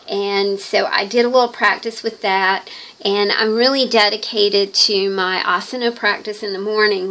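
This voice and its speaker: Slow, rambling middle-aged woman crafter. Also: mid-range voice, gravelly, bright, forceful tone, poor audio. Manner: rambling, hesitant, many pauses and fillers. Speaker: craft vlogger. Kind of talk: casual chat while crafting.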